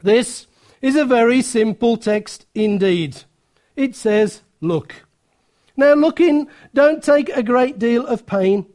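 A woman's voice: fairly high pitch, slow pace, darkish tone. A thin, plain-spoken country lay preacher exhorts a small chapel, repeating the same plea again and again, as a woman puts him on. He is earnest and simple, and his voice climbs as he pleads. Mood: earnest exhorting.

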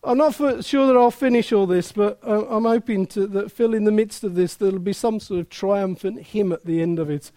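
A man preaching a sermon, animated and emphatic, slowing down and getting loud to drive points home. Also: high-pitched.

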